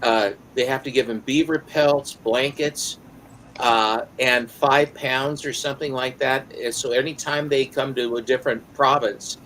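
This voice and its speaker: An American man in casual podcast talk, his voice sitting at an ordinary pitch. He rambles, halting often with ums and restarts. A faint hiss runs under the recording. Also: steady tone, a bit bright, rough recording. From United States. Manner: rambling, hesitant with many fillers. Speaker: podcast co-host. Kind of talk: casual chat.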